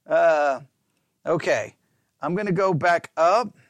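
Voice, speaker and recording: A pastor chatting in a rambling, animated, self-mocking way while testing his lapel mic in a small closed-in room. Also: fairly high pitch, slow, no echo, muffled recording. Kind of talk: casual talk while testing a microphone. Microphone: wireless lapel mic with belt-clip transmitter.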